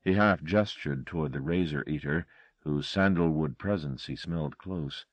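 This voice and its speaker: A man narrating a horror audiobook with an expressive, dramatic reading. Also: very deep voice, normal speed, dry recording.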